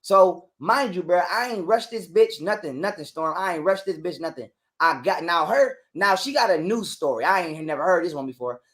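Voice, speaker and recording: Guy with a high voice ranting, heated and cussing a lot, repeats himself. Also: expressive, normal speed, few pauses, fairly bright tone. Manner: heated, profane, repetitive. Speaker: guest. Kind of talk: casual storytelling.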